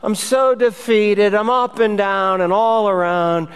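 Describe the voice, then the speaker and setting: A preacher putting on a whining, feeble churchgoer. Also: male voice, high voice, steady tone, takes it slowly, clean tone, voice pushed up. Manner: plaintive and complaining. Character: weak, whiny, half-starved churchgoer.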